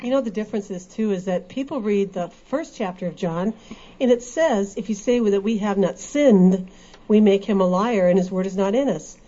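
Female co-host, earnest, warm and mellow, dull lo-fi sound. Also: mid-range voice, moderate pace. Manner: earnest, explanatory. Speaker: co-host in a Bible discussion. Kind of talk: casual religious discussion. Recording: dull lo-fi recording.

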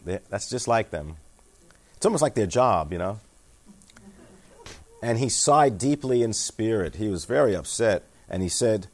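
A man's voice: lowish voice, animated, unhurried, pauses often, a little mellow. A man giving a sermon, reading scripture aloud, explaining it in everyday words, and asking his listeners questions. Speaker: pastor.

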